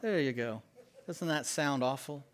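A man preaching as pastor, leading the congregation in call-and-response and stressing key words. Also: slight background noise. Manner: slow and emphatic with lively pitch swings. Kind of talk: sermon.

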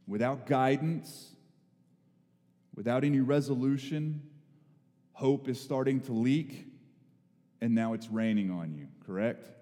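A man preaching a sermon, telling a personal story in a lively, dramatic storyteller's way, with bursts of raised, excited voice. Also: mid-range voice, in a large hall. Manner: storytelling, animated, rising to excited exclamations. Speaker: pastor.

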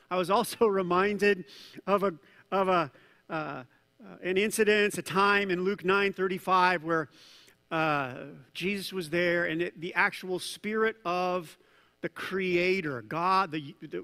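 Animated high-voiced male pastor preaching. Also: long reverb tail. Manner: animated, conversational preaching with asides and jokes. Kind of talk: sermon. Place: church hall.

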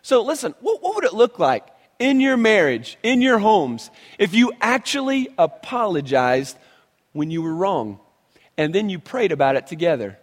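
A male pastor preaching a sermon in an animated, conversational way, often restarting his phrases. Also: high voice, moderate pace, in a large hall.

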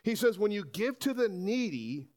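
Male pastor, sermon, lively swinging pitch, slightly high voice, rhetorical questions. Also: moderate pace. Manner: animated preaching, rhetorical questions to the congregation.

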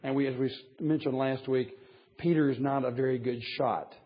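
A man's voice: medium pitch, fairly even intonation, a little fast, husky. A man preaching a sermon to a men's Bible study, emphatic, with wry asides and chuckles at his own points. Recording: dull lo-fi recording.

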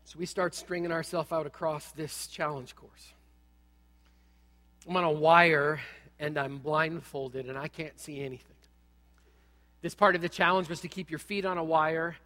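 A middle-aged man preaching a sermon, telling a personal story with animated, humorous asides. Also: a little high, long reverb tail.

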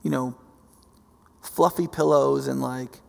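A man preaching a sermon, animated, swinging from soft to loud and often repeating himself. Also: medium pitch, slow pace. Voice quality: gravelly. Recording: long hall reverb.

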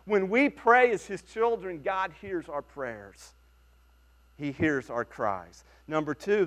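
Slow, high-voiced man preaching. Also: animated. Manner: earnest preaching, slow and emphatic with dramatic pauses. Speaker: pastor. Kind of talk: sermon.

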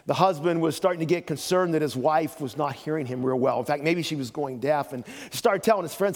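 A man's voice: a little high, brisk, in a large hall. An older man preaching a sermon as pastor, telling folksy stories with joking asides.

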